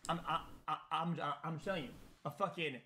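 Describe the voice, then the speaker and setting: A man's voice: on the high side, fairly quick, sharp tone, slight background noise. A man streaming live, reacting to a video in a rambling, casual chat full of repeated words.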